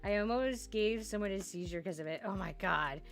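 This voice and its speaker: At her home streaming setup, a woman chats casually with her viewers, talking loosely, laughing often and filling her speech with "like." Her medium-pitched voice is brisk, with soft music in the background.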